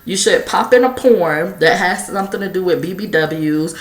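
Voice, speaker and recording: A woman's voice: fairly low pitch, normal speed, echoey room. A woman vlogging candidly while smoking, blunt and profane, coughing now and then. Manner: blunt, profane, animated storytelling. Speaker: YouTube vlogger. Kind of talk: candid smoking-vlog monologue.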